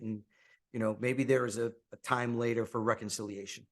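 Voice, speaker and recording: A man's voice: medium pitch, flat delivery, a little fast. A man hosting a podcast alone, talking in a friendly, outgoing, conversational way with restarts and fillers. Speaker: podcast host; real estate agent. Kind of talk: casual monologue.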